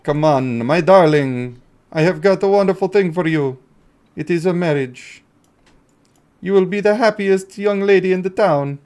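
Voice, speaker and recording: A man's voice: sits high, moderate pace, darkish tone, clear, resonant tone, close to an everyday voice. A man putting on a suave courtly vampire. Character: suave male vampire courting a young bride.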